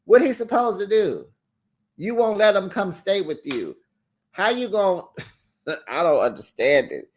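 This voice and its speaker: A reality TV reviewer giving casual commentary to the camera, animated and talking straight to the cast. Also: medium pitch, unhurried, pauses often. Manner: animated, talks straight to the cast, acts out quotes.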